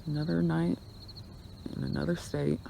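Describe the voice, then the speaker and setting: A man's voice: fairly high pitch, fairly even intonation, moderate pace, creaky, mellow. A man vlogging on a road trip, chatting casually to a handheld phone at an outdoor forest campsite, rambling and trailing off as he talks. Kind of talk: casual chat to camera. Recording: wind-buffeted outdoor phone audio. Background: wind and crickets.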